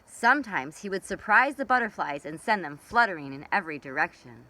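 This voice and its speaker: Bright, expressive woman reading a storybook to kids, lively rises and falls, faint noise. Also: fairly low pitch, brisk, poor audio. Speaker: children's librarian. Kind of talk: reading a picture book aloud.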